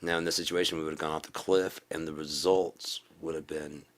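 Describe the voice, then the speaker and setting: A man giving a profane political rant in a video blog, repeating himself and rising into preachy shouting. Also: very deep voice, little pitch movement, a little fast, few pauses. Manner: swearing, repetitive, builds to preachy shouting. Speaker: video blogger.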